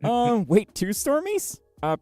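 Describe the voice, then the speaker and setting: A woman's voice: a little high, sing-song, slow, mellow, soft background music. Bubbly, giggly woman streamer. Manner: bubbly, giggly, reads chat aloud with many fillers. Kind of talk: casual livestream chat.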